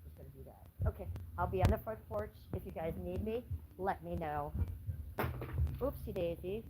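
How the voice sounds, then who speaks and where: Her voice runs lowish and expressive at a normal speed, captured on a very noisy recording. She's an American woman livestreaming casually from inside her house and on the porch, chatting with viewers and cooing at her pets in baby talk.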